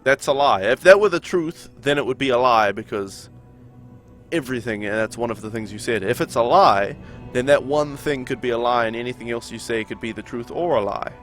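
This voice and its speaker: A man's voice: mid-range voice, brisk, a bit bright, soft background music. Chatty male game streamer. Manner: chatty, argumentative, reading and answering chat. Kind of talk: casual live-stream chat while playing.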